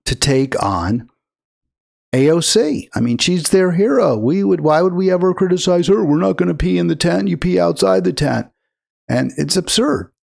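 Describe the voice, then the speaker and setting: A man's voice: a little high, creaky. A man hosting a live political call-in show, talking in a sarcastic, mocking, rambling way.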